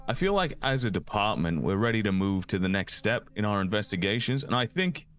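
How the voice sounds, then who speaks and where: A man's voice: fairly low pitch, animated, fairly quick, a bit bright. A man playing a police officer in game role-play, earnest and laying out plans with some hesitation.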